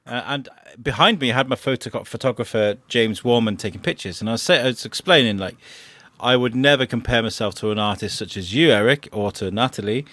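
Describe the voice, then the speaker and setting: A man's voice: mid-range voice, fairly quick, a bit bright, no echo. A man, a podcast co-host chatting casually, rambling and enthusiastic with lots of fillers. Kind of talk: casual chat.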